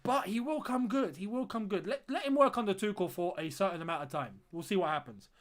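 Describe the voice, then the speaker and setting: Animated and fairly quick, a young fan channel host with a strikingly high voice runs a live watchalong, reading out viewer comments, thanking people, chatting freely and frequently saying a phrase twice to stress it.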